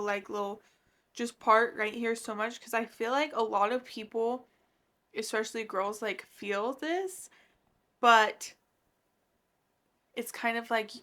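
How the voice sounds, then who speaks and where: A young woman in her twenties talks through a manga as a book vlogger, gushing and reacting with animated excitement. Her voice is bright and sits a little high. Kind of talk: casual reading vlog.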